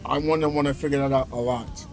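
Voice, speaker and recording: A man streaming from home, telling a gaming story in an animated, exasperated way. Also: medium pitch, fast, faint music behind. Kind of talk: casual livestream rant.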